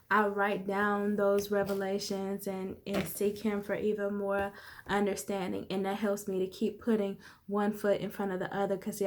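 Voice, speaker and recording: A woman life coach in her thirties, talking candidly and conversationally to viewers in a motivational vlog. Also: mid-range voice. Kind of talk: casual motivational vlog talk.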